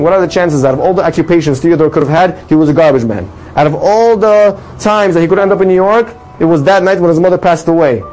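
A man telling a religious story with a moral in an animated sermon style, his voice rising for the dramatic lines. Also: fairly high pitch, poor audio. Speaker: storyteller teaching a religious lesson.

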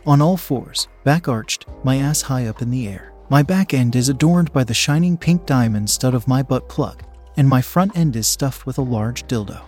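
A man calmly narrating a first-person story in an even reading voice, at times hushed. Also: mid-range voice, normal speed, soft background music.

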